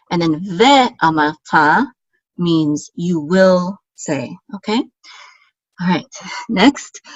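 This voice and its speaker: In a dry, low-quality recording, a woman with a lowish voice patiently walks through Hebrew grammar step by step, pausing on fillers and often checking in with "okay?"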